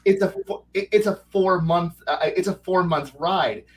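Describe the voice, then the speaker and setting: Man, podcast guest, rambling and animated, somewhat high voice, a bit off-mic. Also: far from the mic, poor audio. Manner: rambling with many false starts and restarts; animated, breaks into quick character voices. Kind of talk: casual chat.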